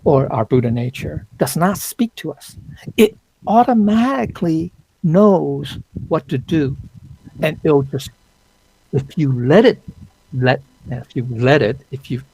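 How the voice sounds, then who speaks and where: A man's voice: mid-range voice, vocal fry, breathy edge, no room sound, rough recording. A man teaching an online Dao study class in a conversational lecture, often checking in with his listeners. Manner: conversational, checks in with "okay?" and "right?"; frequent restarts and fillers.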